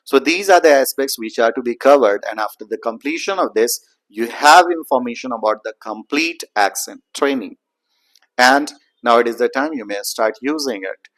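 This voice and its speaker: Guy teaching pronunciation, slows down on example words, mid pitch. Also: fairly bright tone. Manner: explanatory, slows down to model words. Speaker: accent trainer. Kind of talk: pronunciation lesson.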